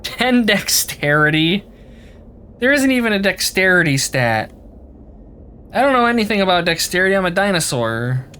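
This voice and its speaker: A man's voice: high-pitched, sing-song, moderate pace, sharp tone, slight background noise. A man streaming a video game, reading the game text aloud and reacting playfully.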